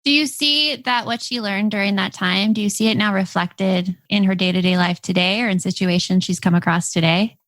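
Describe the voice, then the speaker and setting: A woman's voice: medium pitch, fairly quick, hardly any pauses, fairly bright tone, no room sound. A woman hosting a podcast, chatting casually and emphatically about parenting and teaching. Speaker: podcast host. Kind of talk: casual chat.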